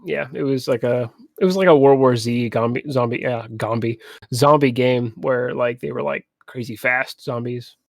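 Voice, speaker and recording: A young man co-hosting a casual podcast, animated and swearing often, acting out quotes in funny voices. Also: medium pitch, normal speed, creaky, no room sound, studio quality. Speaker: podcast co-host. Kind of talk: casual chat. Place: home streaming setup.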